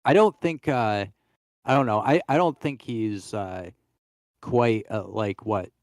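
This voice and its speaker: Man, low voice, hesitant, many uhs, podcast chat, dry recording. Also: slow pace, a little mellow, no echo. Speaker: podcast co-host. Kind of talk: casual chat.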